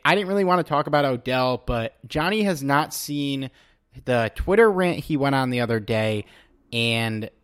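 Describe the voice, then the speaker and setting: A man with a mid-range voice hosts a casual sports podcast, chatting loosely and reading tweets aloud to his co-host in a relaxed way. The studio sound is clean with no echo.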